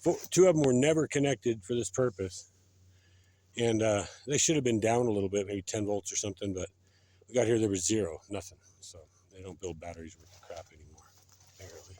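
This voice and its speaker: A man's voice: on the low side, dark tone, slight background noise. A man hosting a casual outdoor vlog, out of breath and rambling with lots of fillers. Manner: rambling, fills pauses with "uh" and "so". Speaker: channel host. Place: outdoors beside a road.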